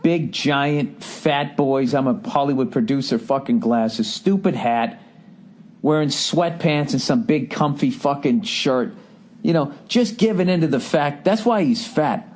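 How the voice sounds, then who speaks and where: A man's voice: mid-range voice, unhurried, darkish tone. A middle-aged man hosting a podcast, telling stories in a profane, exasperated comedic rant. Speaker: podcast host.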